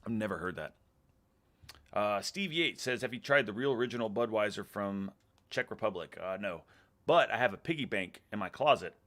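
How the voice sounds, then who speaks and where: A man's voice: lowish voice, expressive, normal speed, a bit bright. A man in his thirties with a Texan accent, chatting casually on a live stream and reading out viewer comments, rambling and laughing a lot. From Texas, USA. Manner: rambling, laid-back, laughs often, trails off mid-sentence.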